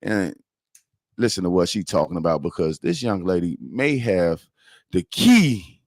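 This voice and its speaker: A man's voice: deep voice, sing-song, a little slow, no echo, clean studio sound. A man with a Chicago accent hosting a podcast, giving loose, profane, rambling news commentary. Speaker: podcast host.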